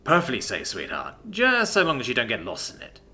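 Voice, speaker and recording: Man doing a calm, gentle pet owner. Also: mid-range voice, a little fast, faint music behind, exaggerated voice. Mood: soothing. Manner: calm, soothing, explaining. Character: gentle, kind adult male alien owner.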